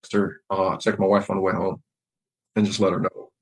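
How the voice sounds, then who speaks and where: Man, low voice, flat delivery, reflective, measured, candid interview guest. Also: breathy edge, low-quality recording. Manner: reflective, measured, with many fillers and restarts. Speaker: podcast guest, Marine veteran.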